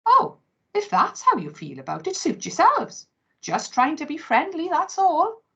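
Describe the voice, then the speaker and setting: A woman's voice: mid-range voice, very animated, a little slow, slightly rough, heavily acted. A woman voicing a chatty, friendly male dog who talks heartily and takes offence easily in a storybook reading. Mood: offended. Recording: dull lo-fi recording.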